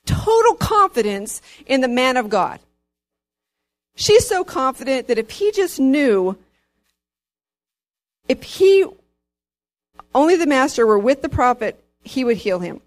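A woman with a fairly high voice gives an informal Bible teaching. She reads scripture aloud and talks it through with fillers and casual asides. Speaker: bible study leader.

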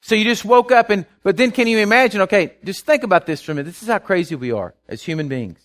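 A man preaches a sermon in a high, expressive voice at a quick pace, repeating words as he restarts. He keeps asking the congregation whether they follow and acts out worried people in a hushed voice.

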